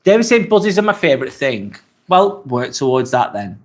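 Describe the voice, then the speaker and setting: A man's voice: medium pitch, big pitch swings, moderate pace. A young English man on a live-stream, casually reading chat comments and answering candidly, swearing now and then. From England. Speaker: livestream vlogger.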